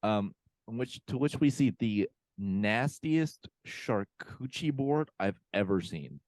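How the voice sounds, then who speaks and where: A man with a very low voice casually retells a movie for his podcast co-hosts, leaning on fillers and quoting characters. The sound is dry and close to the mic. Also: expressive, slow, darkish tone, no echo. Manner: rambling recap with many fillers and quoted lines. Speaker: podcast co-host. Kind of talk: casual movie recap chat. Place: home room, remote call.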